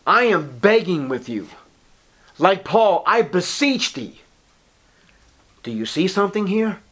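A man preaching a sermon, reading scripture in old-fashioned wording and pleading with his listeners, his voice dropping to a hush and then rising to ringing emphasis. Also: sits high, big pitch swings, takes it slowly. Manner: swings from hushed to ringing emphasis; pleading, urgent appeals to listeners.

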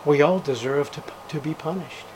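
An older man preaching a sermon at a church service, fervent, swinging between loud outbursts and hushed passages. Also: on the high side, moderate pace, slight background noise, low-quality recording.

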